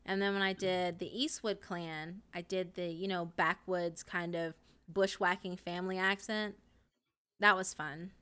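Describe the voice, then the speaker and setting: Young woman, from the South, casual stream chat, rambling, bright voice. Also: fairly low pitch, fairly even intonation, a little slow, smooth. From American South. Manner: giggly, rambling, many fillers. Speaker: streamer and voice actor.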